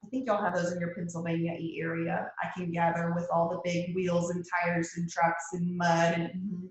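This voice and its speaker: A woman's voice: on the low side, little pitch movement, normal speed, faint music behind. A woman with a Texan accent, guest-hosting a motivational team talk in a chatty way, repeating phrases for emphasis. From Texas. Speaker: guest host. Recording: very echoey room.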